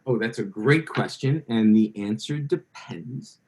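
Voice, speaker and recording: A man's voice: medium pitch, unhurried, darkish tone, low-quality recording. Rambling, story-telling male guest. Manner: rambling anecdotal, self-correcting. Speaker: guest author. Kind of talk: conversational interview storytelling.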